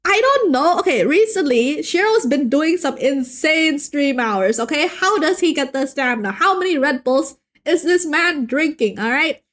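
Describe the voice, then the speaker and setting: A woman's voice: high voice, moderate pace. A young woman chatting playfully with her live-stream viewers while she draws, joking around and often restarting her sentences. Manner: playful and animated, joking with chat, frequent restarts. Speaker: art streamer. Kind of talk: casual live-stream chat while drawing.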